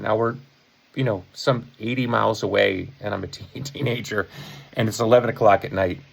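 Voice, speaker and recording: A man's voice: fairly low pitch, steady tone, moderate pace, creaky, husky, low-quality recording. A man in his fifties from the Chicago area, telling a casual anecdote in a rambling, self-correcting way with chuckles. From Chicago area, USA. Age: 50s. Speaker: rock musician. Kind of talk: casual anecdote told to camera.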